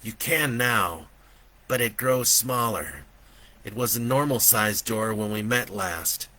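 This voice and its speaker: A man voicing an urgent, ghostly little boy who speaks with slow, solemn insistence. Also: fairly low pitch, sharp tone, full character voice. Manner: pleading, commanding, slow and emphatic.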